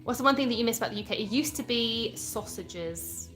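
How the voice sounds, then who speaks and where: A woman's voice: a little high, lively intonation, fairly quick, fairly bright tone, faint music behind. A young British woman from England hosting a casual live stream, chatting and answering viewer comments as she reads them aloud. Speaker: livestream host.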